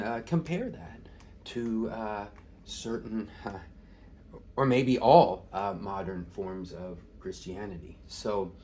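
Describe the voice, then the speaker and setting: A man gives a relaxed, informal screen-share lesson in a middle-pitched voice. He pauses often on filler sounds and slows right down to stress key terms. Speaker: teacher.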